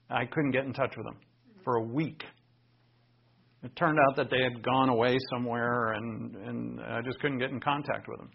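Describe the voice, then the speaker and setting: A man's voice: medium pitch, steady tone, normal speed, gravelly, husky, dull audio. A man preaching a sermon, retelling scripture in an earnest, conversational way with personal asides.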